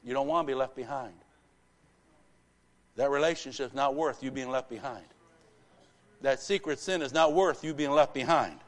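Male pastor, mid-pitched, live church sermon, emphatic and repetitive, hushed to rousing. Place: church sanctuary.

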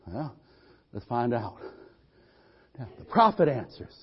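A man's voice: medium pitch, very animated, takes it slowly, slightly rough, dull audio. A man preaching a sermon in a church, fervent and calling for amens from the congregation. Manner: fervent, call-and-response.

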